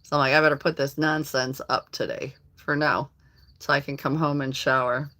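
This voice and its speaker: A woman's voice: extremely low pitch, fairly even intonation, normal speed, bright, forceful tone. A middle-aged woman hosting a casual live stream, chatting with viewers by name and laughing often. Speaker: livestream host reading viewer comments.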